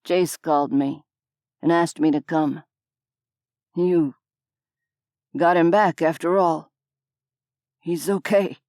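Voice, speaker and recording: A woman's voice: low-pitched, fairly even intonation, darkish tone, no room sound, studio quality. A woman voicing a weary, hesitant grown man who halts and trails off, in an audiobook. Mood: uncertain. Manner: halting, trailing off.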